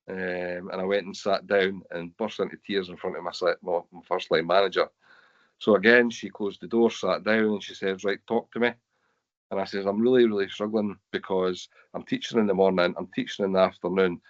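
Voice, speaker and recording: A man's voice: deep voice, highs cut off. A man with a Scottish accent, telling earnest personal stories with quoted dialogue in an online talk. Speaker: webinar speaker sharing lived experience. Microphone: video call.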